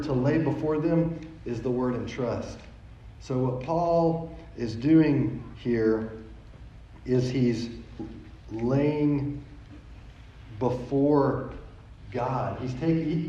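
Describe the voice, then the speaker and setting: Pastor preaching in an echoey church. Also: male voice, mid-range voice, takes it slowly, pauses often, dark tone. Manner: conversational, repeats words as he goes. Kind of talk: storytelling sermon. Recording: echoey, dull sound from a distant mic.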